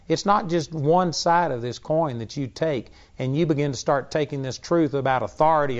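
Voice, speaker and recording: A man's voice: medium pitch, highs cut off. A man teaching a sermon as a Bible teacher, blunt and emphatic in his delivery.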